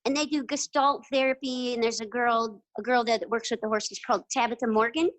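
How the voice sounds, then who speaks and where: A middle-aged woman, a guest on an interview show, telling lively stories and often acting out quoted voices with laughter. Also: fairly high pitch, fairly quick, no room sound, rough recording. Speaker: guest, retired jockey. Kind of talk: casual interview storytelling.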